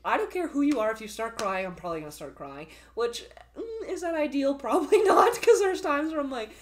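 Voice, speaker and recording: A woman's voice: high voice, very animated, a little fast. A young woman in her twenties, a podcast guest, talking casually with lots of laughter and filler words. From Canada. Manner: giggly, rambling, many filler words. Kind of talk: casual conversation.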